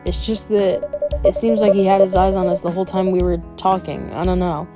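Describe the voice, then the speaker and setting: A woman's voice: lowish voice, steady tone, fairly quick, lightly acted. A woman voicing a hesitant young coworker with a put-on Australian accent, over game music. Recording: music playing under the voice.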